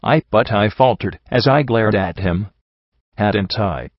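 A man narrating a first-person audiobook in a steady, introspective storytelling manner. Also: fairly low pitch, takes it slowly, no room sound. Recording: dull lo-fi dry recording.

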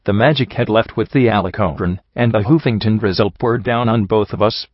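Man narrating fan fiction, low voice, dull muffled sound, dry. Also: no room sound. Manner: steady, measured first-person narration. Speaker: audiobook reader. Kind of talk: storybook narration.

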